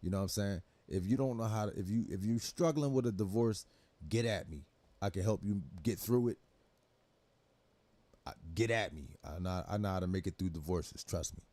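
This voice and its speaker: A man's voice: lowish voice, normal speed, dark tone, no echo. A young man hosting a livestream, reacting to clips in loose, laughing talk full of swearing. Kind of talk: casual profane reaction commentary.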